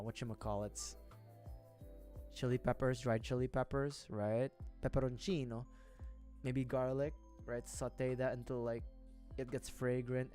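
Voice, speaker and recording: Young guy streamer rambling to chat, swears a bunch, laughs a lot, quiet music behind. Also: mid-range voice. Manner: rambling, self-deprecating, swears casually, laughs often. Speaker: livestreamer building model kits. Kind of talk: casual rambling chat to viewers.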